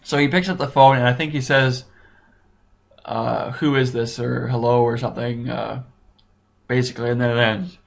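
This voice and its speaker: A man in casual commentary, talking through a TV episode with rambling, excitable energy. His pitch sits in an ordinary middle range, and he keeps stopping to restart his thoughts and exclaim. He sounds like a solo video reviewer speaking straight to his viewers. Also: moderate pace, creaky, pauses often. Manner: excitable, rambling, thinks aloud with many restarts. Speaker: YouTube TV reviewer.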